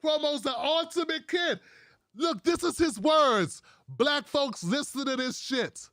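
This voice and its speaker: A man's voice: very high-pitched, expressive, unhurried, fairly bright tone, dry recording, studio quality. A man hosting a livestream, giving profane, mocking commentary full of rhetorical questions. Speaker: show host.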